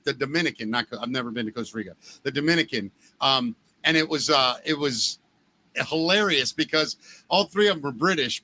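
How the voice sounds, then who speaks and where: Very bright, chatty male co-host. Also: on the high side. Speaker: podcast co-host. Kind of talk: casual podcast conversation.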